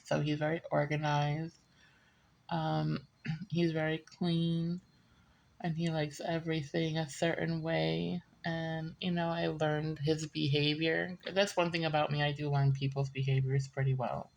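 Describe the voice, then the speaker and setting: A woman's voice: low-pitched, little pitch movement, measured pace, vocal fry, slight background noise. A woman giving a casual, rambling reading, often laughing and drifting into side stories. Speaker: tarot reader. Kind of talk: casual chatty reading monologue.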